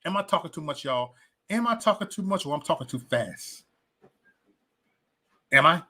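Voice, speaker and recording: Guy ranting on his vlog, bright tense voice, kinda high, preachy, keeps restarting. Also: normal speed. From West Side of Chicago. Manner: animated, preachy, repetitive restarts, slangy asides. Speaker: political commentator. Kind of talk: casual opinion vlog.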